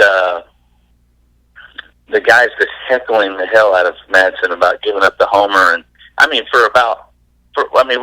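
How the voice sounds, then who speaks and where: A man, a former baseball pitcher, telling stories as a guest in a casual interview, laid-back and laughing as he goes. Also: pushed and bright, no echo, poor audio.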